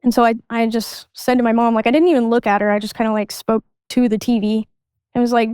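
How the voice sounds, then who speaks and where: Young woman, podcast guest, halting candid storytelling, fairly high voice, smooth and clear, dry close mic. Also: fairly even intonation, darkish tone, dry recording. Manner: halting, restarts sentences, reenacts past dialogue. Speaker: guest sharing her life story.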